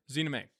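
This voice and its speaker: A man's voice: fairly high pitch, sharp tone, breathy edge. A man hosting a live stream, reading out viewer donations in a loose, rambling way, with lots of fillers and frequent chuckles. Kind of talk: casual live-stream chat.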